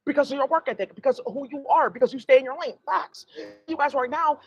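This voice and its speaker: A woman's voice: high voice, quick pace, no room sound, lo-fi sound. A woman giving a blunt, rambling tarot reading to her viewers, emphatic and profane. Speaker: tarot reader.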